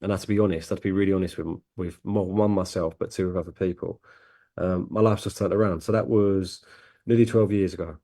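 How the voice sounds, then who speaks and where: Guy in his 30s telling his own story to a crowd, low mellow voice, talks quick, lots of ums and restarts. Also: steady tone. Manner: candid, chatty storytelling with frequent fillers and restarts. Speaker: guest speaker from a youth charity. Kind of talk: personal story told to an audience.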